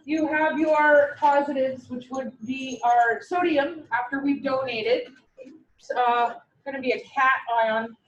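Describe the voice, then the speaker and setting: A woman's voice: high voice, takes it slowly, lo-fi sound, slight background noise. A woman with a Canadian accent, teaching a class in a chatty, joking and encouraging way. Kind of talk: online class lecture.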